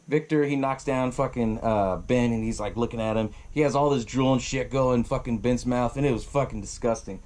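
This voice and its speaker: A man's voice: medium pitch, darkish tone. Casual male podcast host, young adult, profane and rambling storyteller. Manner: profane, rambling, acts out characters' lines. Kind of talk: casual movie recap.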